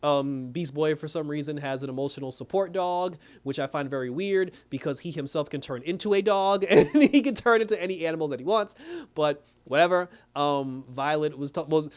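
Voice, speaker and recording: A man's voice: fairly high pitch, a little fast. A man casually recapping a TV episode as a reviewer, rambling loosely and laughing often as he retells scenes. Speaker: TV show reviewer.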